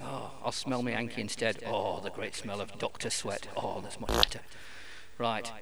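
A man's voice: on the low side, normal speed, creaky. A man playing a lecherous old male time-traveling entertainer in bawdy, blustering improv comedy, with an audience crowd behind. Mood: leering.

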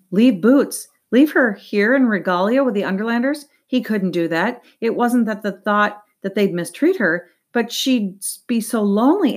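A woman narrating an audiobook in a steady reading voice, with a few small slips. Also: mid-range voice.

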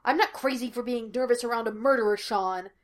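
A woman's voice: fairly high pitch, expressive, a little fast, natural voice. Jumpy, skeptical young guy sidekick, protesting everything, read by a woman. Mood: anxious. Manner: anxious, protesting, dry.

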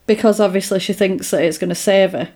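A woman's voice: medium pitch, fairly even intonation, quick pace, mellow. A woman casually retelling a film plot in a chatty podcast, with lots of fillers.

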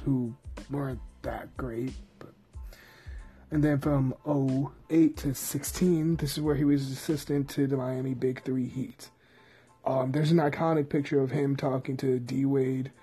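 Gravelly-voiced man hosting a sports podcast. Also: mid-range voice, warm tone. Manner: joking, rambling, laughs at own jokes. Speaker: podcast host. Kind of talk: casual sports podcast monologue.

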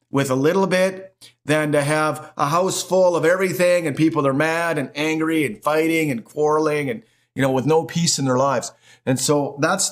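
A middle-aged man preaching a sermon as pastor, emphatic and animated, with lots of repetition. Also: a little high.

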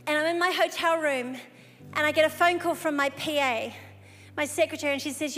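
High-voiced woman preaching in a hall. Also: brisk. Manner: animated storyteller, bursts into excited shouts. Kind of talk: sermon storytelling. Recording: live hall recording with long reverb.

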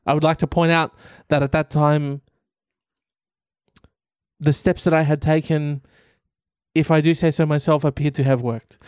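A smug, rambling male schoolteacher played by a man talks in a put-on New Zealand accent, halting with little pauses as he defends himself. The voice is smooth and fairly high. The sound is dry and close. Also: flat delivery, darkish tone, dry recording, natural voice. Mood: defensive. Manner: rambling, halting, self-satisfied. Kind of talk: comic impression in a commentary video.

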